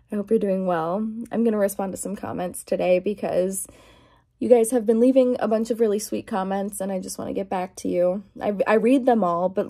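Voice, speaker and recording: A woman ASMR vlogger rambling casually and exasperated in her garage, drifting between talking and whispering. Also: mid-range voice. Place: garage at home. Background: quiet, dim garage.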